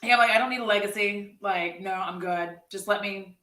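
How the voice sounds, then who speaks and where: Casting: woman host, bright and blunt, lots of laughter, recorded in an echoey room off-mic. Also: mid-range voice, moderate pace, far from the mic. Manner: animated, laughs often, blunt and swears. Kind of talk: casual chat.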